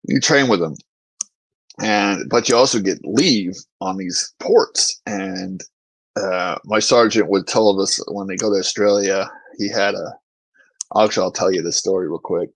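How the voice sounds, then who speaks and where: A man's voice: on the low side, no echo, poor audio. A man, a former Marine infantryman, hosting a podcast and telling stories in a casual, profane way, laughing often. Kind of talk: casual storytelling chat.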